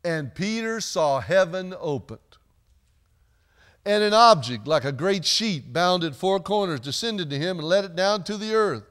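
High-voiced, chatty, joking male pastor. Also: lively intonation, measured pace, fairly bright tone, smooth. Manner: chatty, joking asides to the congregation. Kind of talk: sermon. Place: church sanctuary.

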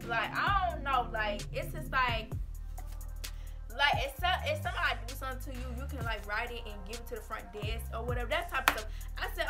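A woman vlogger telling a school story in a casual, animated, sassy way, full of "like" and "baby". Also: a little high, normal speed, music in the background.

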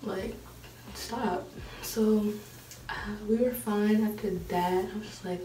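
A woman's voice: mid-range voice, a little slow, warm tone. Chatty teenage girl in an echoey room. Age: late teens. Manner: chatty, laughing, exasperated retelling. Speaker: vlogger. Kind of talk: casual storytime. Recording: echoey room, mic a bit far off, faint hiss.

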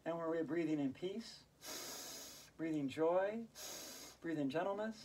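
A woman teaching a hula hoop yoga class, playful and chatty, breaking into sing-song rhymes and laughing out loud on cue. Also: deep voice, a little slow, a little hiss or hum. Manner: chants rhyming verses in a sing-song. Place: indoors while it snows outside. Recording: voice from a distance off the mic.

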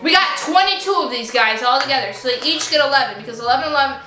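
A woman vlogger unboxing toys in a casual, gushing and excitable way, chatting to her stuffed animals as she goes. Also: high-pitched, fast talker. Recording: echoey room with faint music.

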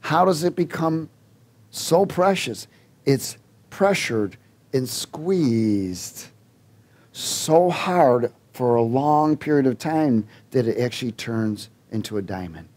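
Animated male preacher telling a story. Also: medium pitch. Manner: animated storyteller, acts out dialogue; halting restarts, chuckles. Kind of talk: sermon with personal story.

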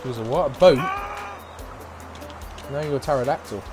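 A man giving excitable, profane let's play commentary as a gaming YouTuber, trash-talking and shouting now and then. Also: mid-range voice, normal speed. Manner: shouts and whoops suddenly. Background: game music.

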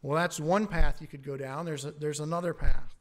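A man preaching a sermon as pastor, earnest, rising on key words and dropping low on asides. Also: steady tone, a little fast.

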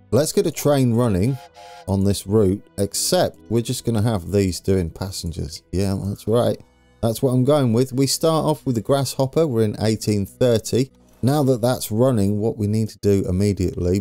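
A man with a low, mellow voice commentating his strategy game play to viewers. He thinks aloud in a chatty, self-deprecating way. Faint game music plays underneath. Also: no room sound. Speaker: let's play host. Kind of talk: gameplay commentary.

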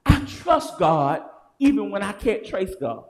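High-voiced preacher shouting slowly. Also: male voice, very animated. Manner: chanting, rising to shouts then dropping low. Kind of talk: sermon. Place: church sanctuary.

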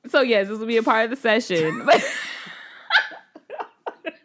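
A woman's voice: a little slow, slight background noise. A woman co-hosting a casual podcast, blunt and wry in her remarks. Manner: blunt, wry, lively pitch. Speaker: podcast co-host. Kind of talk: casual chat.

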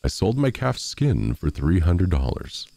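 Sly little farmer, as a man puts him on, cunning and lilting, low dark voice lifted up. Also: very animated, a little slow, vocal fry, dry recording, exaggerated voice. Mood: knowing.

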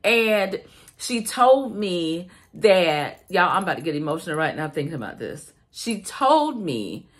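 A woman's voice: lowish voice, big pitch swings, a little slow. A woman from South Carolina with a Southern US accent, chatting casually to her viewers and calling them "y'all.". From South Carolina, USA. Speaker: vlogger.

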